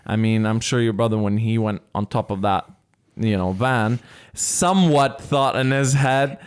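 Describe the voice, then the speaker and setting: A man's voice: on the low side, a little slow, clean tone. A man hosting an interview show, asking questions in friendly casual chat with frequent laughs. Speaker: interview host.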